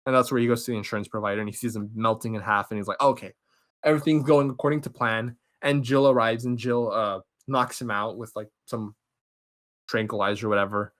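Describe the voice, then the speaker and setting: A young man hosting a podcast, giving an excited, rambling movie recap and acting out characters' lines. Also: lowish voice, quick pace. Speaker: podcast host.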